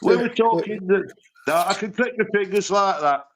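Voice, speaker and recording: A man's voice: sits high, moderate pace, slight background noise. A stoned man rambling matily in a livestream chat, swearing along the way. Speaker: panel guest.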